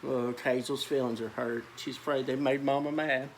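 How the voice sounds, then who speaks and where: A man's voice: medium pitch, fairly even intonation, moderate pace, creaky, slight background noise. A man reading a children's picture book aloud, with chatty asides about the pictures. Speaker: storyteller.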